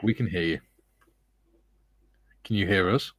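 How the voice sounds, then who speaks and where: Low-voiced man hosting a livestream. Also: unhurried, fairly bright tone, breathy edge. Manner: reads viewer comments aloud and greets them. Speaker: host of a live model-building stream. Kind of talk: casual live-stream chat.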